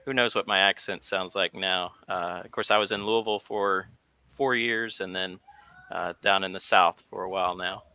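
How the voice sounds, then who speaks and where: Bright-voiced American man, dry humor. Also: low voice, steady tone, normal speed, clean tone, no echo. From Virginia, USA. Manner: dry, self-deprecating humor. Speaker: pastor and guest. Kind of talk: casual podcast interview.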